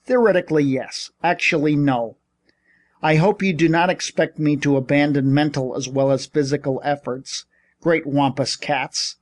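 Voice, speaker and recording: A man's voice: on the high side, steady tone, normal speed, close to an everyday voice. A man voicing a blustering, scolding old shipping magnate in an audiobook.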